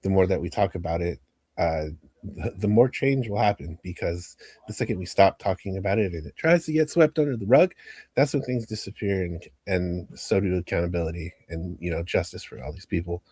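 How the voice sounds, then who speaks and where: A man with a very low voice co-hosting a casual podcast chat. He talks earnestly, often restarting words and swearing for weight. The sound is close and dry. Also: fairly quick, a little mellow, breathy edge, no room sound. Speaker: podcast co-host.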